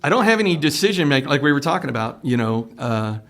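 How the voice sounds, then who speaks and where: A man's voice: a little high, sing-song, quick pace, fairly bright tone. A middle-aged man hosting a podcast, telling stories in a casual chat and often tagging his lines with "right?". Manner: storytelling, tags lines with "right?". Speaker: podcast host.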